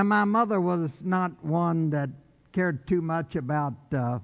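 A man preaching a sermon in a church, folksy and slowing down to stress his points. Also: fairly high pitch. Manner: folksy, slows down for emphasis. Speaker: pastor. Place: church sanctuary. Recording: dull reverberant church recording.

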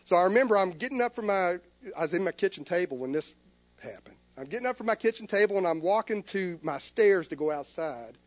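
High-voiced man preaching a sermon. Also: animated, brisk, no room sound. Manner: earnest storytelling, acting out his own inner dialogue. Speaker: pastor. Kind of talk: sermon with personal story.

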